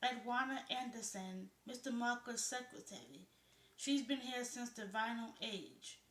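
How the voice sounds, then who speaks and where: A woman's voice: fairly high pitch, lively intonation, unhurried, a bit bright. A woman reading the lines of a gossipy, talkative man with a southern drawl, in a roomy-sounding recording. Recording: roomy echo.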